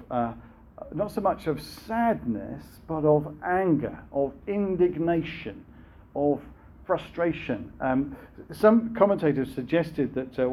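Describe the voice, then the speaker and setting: A man's voice: mid-range voice, warm tone, a little hiss or hum. A man preaching a sermon in a conversational way, with frequent fillers and rhetorical questions.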